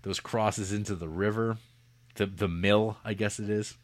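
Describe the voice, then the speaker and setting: Low-voiced guy rambling through a movie plot, jokey, does little voices. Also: steady tone. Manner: rambling, jokey retelling with quick voiced asides. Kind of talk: casual film discussion.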